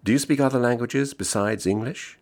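A man's voice: mid-range voice, fairly quick, darkish tone, voice pushed up, close to an everyday voice. A man reading the part of a bored, sardonically joking American man of thirty-five. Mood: wry. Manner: wry, teasing, mock-jovial.

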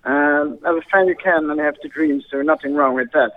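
A Belgian man calls in to give his view on football, in a measured, hesitant way with many fillers. His voice sits a little high and comes through a thin, tinny phone line. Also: steady tone. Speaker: guest football pundit. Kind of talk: phone-in interview.

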